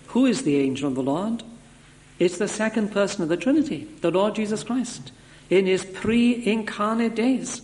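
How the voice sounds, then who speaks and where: A man preaching an expository sermon in an earnest, measured way, stressing points through repetition. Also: sits high, lively intonation, darkish tone.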